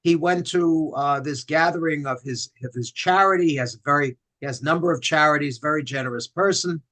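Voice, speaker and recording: A man's voice: on the high side, a little fast, sharp tone. Joking older man leading synagogue singalong. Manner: joking, self-deprecating, leads call-and-response singing. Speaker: rabbi leading services. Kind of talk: livestreamed Friday night service with teaching and song. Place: synagogue sanctuary.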